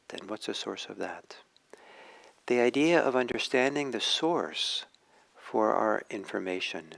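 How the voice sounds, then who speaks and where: Male dharma teacher, storyteller, deep voice, gentle and unhurried. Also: gravelly, poor audio. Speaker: meditation teacher.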